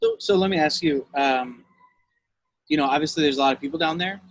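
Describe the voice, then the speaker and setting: A man's voice: fairly high pitch, brisk, no room sound, low-quality recording. A man casually interviewing a guest, talking loosely with plenty of "yo" and "like".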